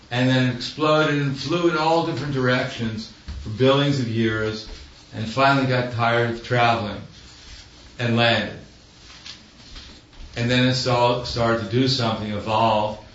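A man's voice: mid-range voice, steady tone, unhurried, fairly bright tone, a little hiss or hum. A man giving a storytelling sermon in a wry, anecdotal way, chuckling at his own jokes. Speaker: preacher. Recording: echoey hall, distant dull mic.

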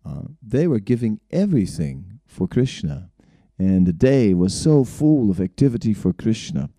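A man's voice: fairly low pitch, big pitch swings, normal speed, warm tone, dry recording, clean studio sound. A man, not an English speaker, telling stories from his own life in a rambling way, with frequent chuckles and "right?" tags. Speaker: speaker recounting his spiritual journey. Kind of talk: storytelling talk.

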